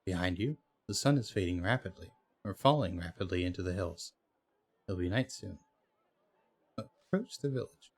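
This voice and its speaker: A man's voice: sits low, expressive, normal speed. Hesitant man reading game text aloud. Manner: hesitant, with fillers and self-corrections. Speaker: let's play host.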